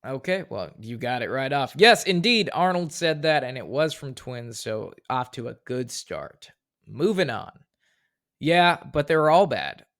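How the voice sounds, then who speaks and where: A man co-hosting a podcast, casually running a movie quote quiz and reading lines out flatly. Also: medium pitch, measured pace. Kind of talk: casual chat.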